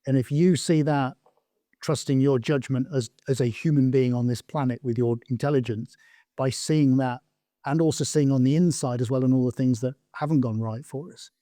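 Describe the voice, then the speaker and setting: A man's voice: mid-range voice, fairly even intonation, moderate pace, warm tone, dry recording, clean studio sound. A man co-hosting a casual podcast chat, earnest and reflective as he picks up on what others say. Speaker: podcast co-host, artist.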